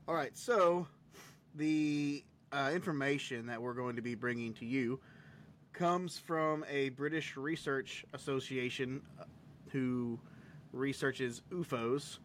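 A man's voice: medium pitch, slow, a bit bright, a little hiss or hum. A man co-hosting a casual podcast, joking crudely and laughing often between bits of reading. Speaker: podcast co-host. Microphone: home podcast mic.

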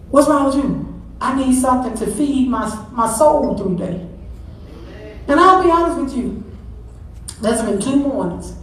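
A middle-aged woman, a pastor's wife, preaching a Mother's Day sermon in a conversational, emphatic way with lots of repetition. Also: fairly high pitch. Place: large church sanctuary. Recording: echoey church sanctuary, distant mic.

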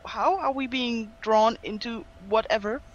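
A woman's voice: fairly high pitch, measured pace, highs cut off, a little hiss or hum. A woman playing her character in a tabletop game, blunt and defiant. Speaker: player.

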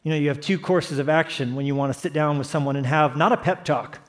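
A male pastor delivering a sermon in a slightly higher voice than most men. He preaches with passion, swinging from quiet, earnest moments to emphatic, rising exclamations. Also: fast. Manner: impassioned, rising to emphatic peaks.

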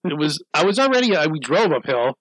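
A man co-hosting a podcast, telling travel stories in a casual, animated way, with frequent laughs and swearing. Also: a little high, fairly quick, no echo, low-quality recording. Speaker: podcast co-host. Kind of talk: casual chat.

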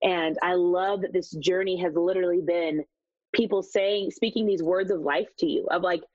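A woman's voice: fairly low pitch, steady tone, moderate pace, a little mellow, no room sound. A woman hosting an interview, affirming and enthusiastic as she responds to her guest. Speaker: podcast host. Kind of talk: conversational interview. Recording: dull, dry sound.

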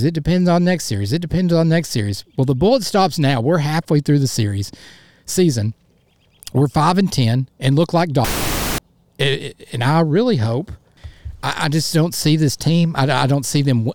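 A frustrated man hosts his own sports podcast, venting in a blunt, fired-up rant and hammering points home by repeating them. His voice sits a little high for a man, and the recording is close and dry with no room sound. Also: darkish tone, no echo. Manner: blunt, repeats himself for emphasis. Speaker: podcast host. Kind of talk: solo sports podcast commentary.

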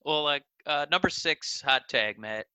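A man's voice: on the high side, a little slow, pushed and bright, clean tone, no room sound. A man co-hosting a casual podcast, talking in a playful, jokey way. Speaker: podcast co-host. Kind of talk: casual wrestling podcast chat.

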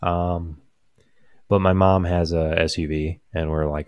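A man's voice: deep voice, level tone, a little slow, a little mellow, clean tone, dry recording, muffled recording. A young man casually telling a long, amused story, rambling with many fillers and restarts.

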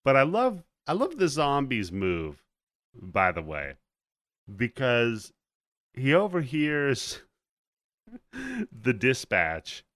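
A man's voice: mid-range voice, wildly swooping pitch, slow, pauses often, a bit bright, no room sound. A man hosting a casual podcast, recapping a movie with loose, profane chatter and acted-out lines. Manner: profane, laughing, acts out characters' lines. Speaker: podcast host.

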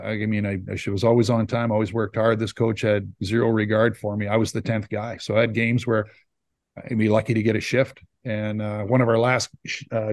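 This podcast guest is a retired hockey player from Saskatchewan, a man in his fifties. He speaks on the low side with a darkish tone, wandering through casual stories and performing other people's lines, and there's no room sound.

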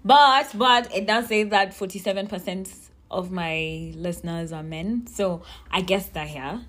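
A woman's voice: mid-range voice, a little slow, hardly any pauses, fairly bright tone. A young woman hosting a casual solo podcast, chatting in a rambling way that keeps circling back on itself. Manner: chatty, rambling, self-interrupting. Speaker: podcast host.

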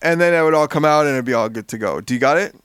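A man recapping a story in casual chat, animated and swearing freely. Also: fairly high pitch, racing, smooth, no echo, clean studio sound. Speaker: podcast co-host.

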